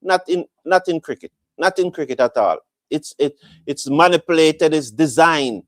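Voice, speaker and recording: Man, cricket commentator, higher voice, dry close sound, repeats himself. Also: moderate pace, dry recording. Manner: repetitive, animated play-by-play. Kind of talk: live fan commentary.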